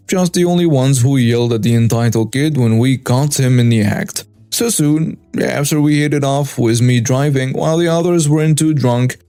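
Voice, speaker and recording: A man narrating a first-person story in a brisk, scripted way. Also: medium pitch, mellow, no echo. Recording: dry with faint music.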